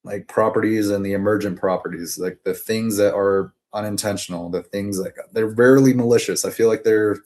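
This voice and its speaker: A man with a fairly low, mellow voice talks casually to the camera. He rambles and drifts off topic, swearing freely and filling his speech with "like" and "um.". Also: fairly even intonation, fairly quick, hardly any pauses. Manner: rambling and digressive, profane, with frequent fillers. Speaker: vlogger.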